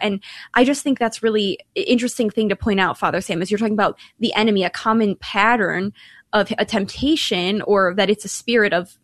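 A woman's voice: mid-range voice, no room sound. A woman from Ireland co-hosting a Catholic radio talk show, chatty and enthusiastic as she invites calls.

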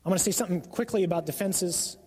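A man's voice: high voice, quick pace, warm tone, slightly rough, in a large hall. A man preaching a sermon, earnest and emphatic, sometimes acting out the devil's voice.

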